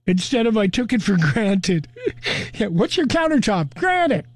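An older man hosts a morning radio show, chatty and amused as he reads out what listeners wrote in. His voice sits high for a man and he takes his time. The sound is close and dry. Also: very animated, a little slow, no echo. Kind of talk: radio talk segment reading listener comments.

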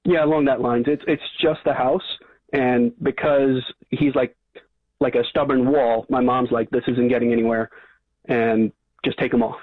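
A man's voice: mid-range voice, fairly even intonation, measured pace, no echo. A man calling in to a radio talk show by phone, talking hesitantly with many fillers and restarts. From Long Island. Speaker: caller. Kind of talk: phone-in call. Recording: tinny phone line.

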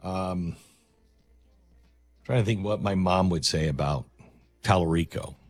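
A man's voice: low-pitched, measured pace, no echo, faint music behind. A man hosting a talk radio show, delivering a sarcastic, mocking monologue.

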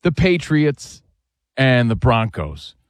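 A man's voice: mid-range voice, big pitch swings, takes it slowly, no room sound, clean studio sound. A man co-hosting a sports talk show, giving breezy, assured takes on teams and joking around. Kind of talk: casual sports debate.

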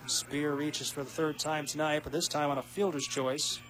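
A man doing play-by-play radio commentary of a softball game, quick and rising with big plays. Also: fairly high pitch, fairly even intonation, soft background music. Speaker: play-by-play announcer.

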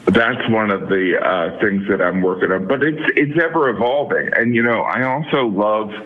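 Middle-aged man, rambling with fillers, lowish voice, tinny phone line. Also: lively intonation, normal speed. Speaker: comedian guest. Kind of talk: casual interview chat.

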